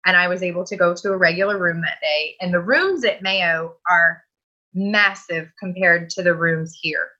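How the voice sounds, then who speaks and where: A woman's voice: lowish voice, normal speed, bright, forceful tone, dull audio. A woman guest telling a personal story in a chatty, earnest way that often breaks into laughter.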